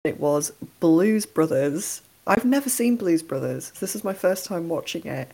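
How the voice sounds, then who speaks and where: A woman's voice: on the low side, sing-song, unhurried, breathy edge. A woman co-hosting a film podcast, chatting animatedly and laughing as she sums up a film. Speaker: podcast co-host. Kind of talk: casual film review chat.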